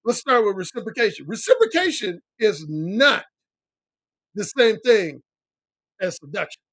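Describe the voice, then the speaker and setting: Speaking a little slowly with big pitch swings and a fairly bright tone, this middle-aged dating coach responds to livestream chat in a dry recording. He's blunt, swears freely, hammers his points through repetition, and quotes other men in a high mimicking voice.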